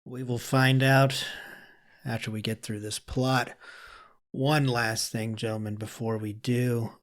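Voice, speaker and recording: A man's voice: medium pitch, flat delivery, slow pace. A man hosting a podcast, casually recapping a film's plot with fillers and self-corrections. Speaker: podcast host.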